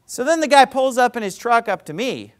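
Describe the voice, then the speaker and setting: Animated, sarcastic high-voiced male preacher. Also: brisk. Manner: emphatic, repeats words. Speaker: pastor. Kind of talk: sermon with storytelling.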